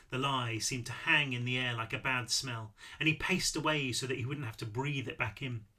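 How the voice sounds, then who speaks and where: A man's voice: mid-range voice, moderate pace, hardly any pauses. A man reading his own novel aloud with expression, now and then fixing a slip. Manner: expressive reading with small slips and self-corrections. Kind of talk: audiobook read-through.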